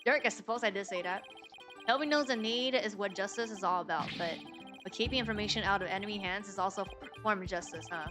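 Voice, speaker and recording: A woman's voice: medium pitch, fast, close to an everyday voice. Woman reading as a justice-obsessed male detective. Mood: earnest. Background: game music.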